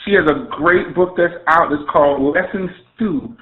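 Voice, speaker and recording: A man's voice: on the high side, normal speed. A man with a Southern US accent hosting an online radio interview, introducing his guest with playful, effusive hype and folksy slang. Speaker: radio show host. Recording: tinny phone-line audio.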